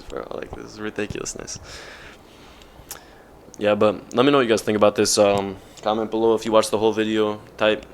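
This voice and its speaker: A man's voice: on the low side, little pitch movement, brisk, a little hiss or hum. A young man vlogging off the cuff, rambling with lots of slang and filler words. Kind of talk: casual off-the-cuff vlog talk.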